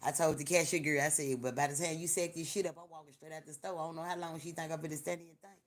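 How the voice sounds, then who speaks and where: A woman hosting a livestream, telling profane, animated stories in casual chat with lots of repetition. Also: deep voice, rapid-fire. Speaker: livestream host. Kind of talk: casual storytelling to a live audience.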